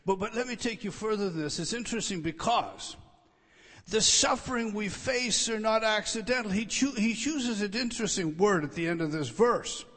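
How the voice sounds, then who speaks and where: A man preaching in a church sanctuary, his voice sitting a little high for a man. He hammers home his points by repeating short phrases, then drops to a near hush. A long reverb trails each line through the large hall. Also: breathy edge. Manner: emphatic, repeats key phrases, swings from loud to hushed. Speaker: pastor. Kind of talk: expository sermon.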